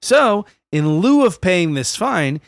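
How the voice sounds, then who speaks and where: A man's voice: high voice, big pitch swings, slow pace, vocal fry, no echo. A man co-hosting a podcast, telling a history story in casual chat, laughing often and swearing freely. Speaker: podcast co-host.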